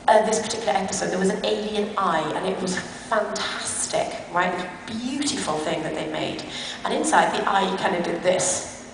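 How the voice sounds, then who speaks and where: A woman at a convention panel, telling lively anecdotes between bursts of laughter. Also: mid-range voice, vocal fry. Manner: animated, laughing storyteller. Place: large convention hall. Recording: echoey hall from far off, loud crowd noise. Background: loud crowd and hall noise.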